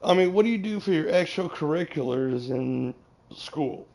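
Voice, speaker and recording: Streamer: gravelly guy, rambling, swears a lot, loose casual chat. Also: on the high side, animated, normal speed, a little mellow. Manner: profane, rambling, advice-giving. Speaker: game streamer.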